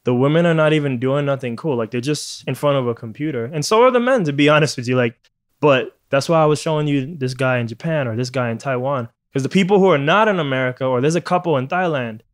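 A man's voice: medium pitch, fast talker. Profane ranting man, casual podcast host. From Puerto Rico. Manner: profane, ranting, laughs often.

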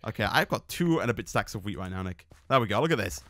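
A man's voice: fairly low pitch, lively intonation, fast talker, a bit bright, dry recording. A young man chatting and teasing his friend as host of a casual gameplay video. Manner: chatty, teasing, laughs often. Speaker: let's play host.

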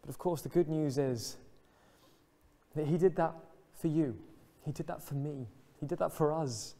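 A man preaching a sermon in an earnest, reflective way, dropping soft and slow on emotional lines. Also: fairly high pitch. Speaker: pastor. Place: church.

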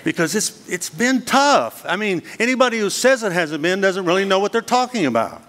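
A man's voice: sits high, very animated, fairly quick, fairly bright tone. A middle-aged man giving a guest sermon, telling his story earnestly and dramatically, with many rhetorical questions. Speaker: guest speaker. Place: church hall. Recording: long reverb of a hall.

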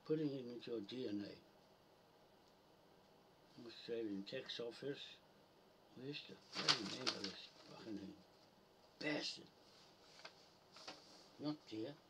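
A man's voice: medium pitch, normal speed, pauses often, distant mic, noisy background. A man ranting and swearing as he rambles to camera, muttering to himself while he hunts for a note. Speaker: video poster.

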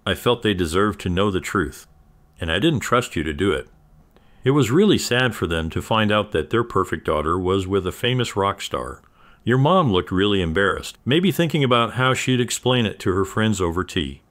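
A man with a very low, deep voice telling a first-person story. He reads a scripted narration at an even, measured pace, keeping his delivery steady throughout.

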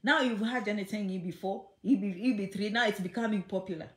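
A woman's voice: medium pitch, quick pace. Chatty, emphatic woman in an echoey room. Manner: chatty and emphatic, repeats phrases, teasing. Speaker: immigration vlogger. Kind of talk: casual direct-to-camera talk.

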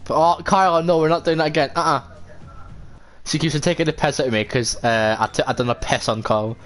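A man's voice: on the high side, fairly quick. A young man chatting casually while gaming, joking and swearing freely. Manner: jokey, swears freely, excitable yelps. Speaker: gaming streamer. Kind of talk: casual gaming chat over voice call. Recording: clear background noise.

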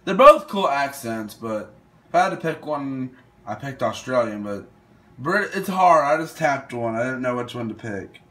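A man's voice: medium pitch, expressive, moderate pace, bright, forceful tone. A young man casually commenting while playing a would-you-rather game, thinking aloud and hesitating over his picks. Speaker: gaming video host.

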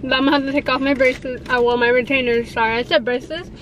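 High-voiced young woman rambling on her phone vlog, giggly, little lisp. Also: little pitch movement, fast talker, a bit bright, a little hiss or hum. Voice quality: slight lisp from retainers. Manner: chatty, giggly, nervous. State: pregnant. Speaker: vlogger. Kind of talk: casual vlog chat.

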